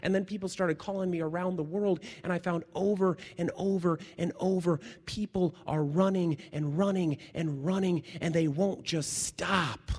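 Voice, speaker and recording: A man pastor preaching a sermon, telling stories with energy and dropping to hushed, slow tones for emphasis. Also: high voice, fairly even intonation, slightly rough, big-room sound.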